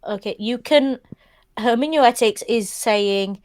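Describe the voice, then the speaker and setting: A woman's voice: medium pitch, moderate pace, no echo. A woman co-hosting a podcast panel, talking bluntly and swearing freely as she explains her view. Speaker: podcast co-host. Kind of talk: casual panel discussion.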